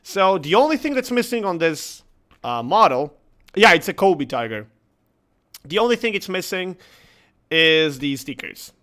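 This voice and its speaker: Slow-talking man telling a story. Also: high-pitched, sing-song, fairly bright tone. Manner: chatty, laughs through his story. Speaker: gaming channel host. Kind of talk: casual vlog storytelling.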